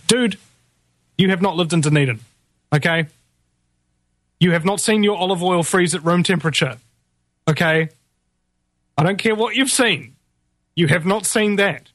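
A man's voice: high-pitched, normal speed, pauses often, fairly bright tone, dry recording. A man hosting a live radio talk show, rambling and chatty with lots of fillers and restarts.

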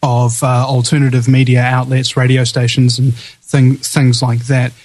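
A man's voice: medium pitch, completely flat delivery, measured pace, darkish tone, poor audio. Kiwi-accented male talk radio host. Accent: New Zealand. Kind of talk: live talk radio chat.

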